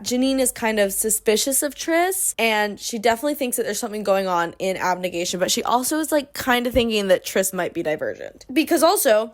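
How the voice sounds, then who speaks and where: Sarcastic, high-voiced young woman. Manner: sarcastic, exasperated, animated retelling with frequent "like". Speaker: book review host. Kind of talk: casual book recap vlog.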